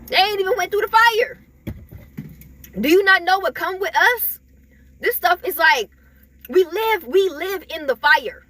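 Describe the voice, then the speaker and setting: A woman's voice: extremely high pitch, expressive, measured pace, pauses often, sharp tone. A woman giving an emphatic, repetitive spiritual pep talk to her viewers, chuckling between points. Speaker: spiritual vlogger.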